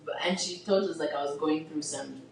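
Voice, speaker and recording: Podcast co-host, woman, low-ish voice, chatty and expressive. Retells plots acting out the lines. Room echo, mic set back. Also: brisk, gravelly, crowd noise. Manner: animated retelling, acting out characters' lines, says "like" constantly. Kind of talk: casual book discussion. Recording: roomy, distant mic.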